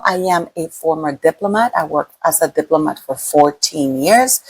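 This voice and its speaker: A woman giving casual, animated gossip commentary as a YouTube host, sometimes mimicking others in a mocking tone. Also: low voice, slightly rough, poor audio. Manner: animated, mocking quoted voices.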